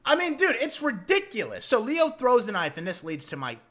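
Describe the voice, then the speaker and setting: A man giving a casual film review, retelling scenes in an excitable, profane and animated way. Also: very high-pitched, a little fast.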